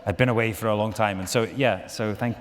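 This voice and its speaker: A man's voice: on the low side, fairly even intonation, brisk. A man with a Scottish accent, chatting casually and jokily on a stage panel. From Scotland. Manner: jokey, restarts and laughs often. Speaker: actor on a panel. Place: large auditorium on stage. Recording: long reverb of a large hall.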